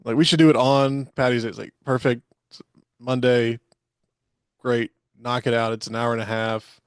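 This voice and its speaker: A man's voice: mid-range voice, little pitch movement, normal speed, smooth, dry recording, studio quality. A man hosting a podcast, leading loose, joking banter and rambling asides. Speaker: podcast host. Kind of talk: casual podcast chat.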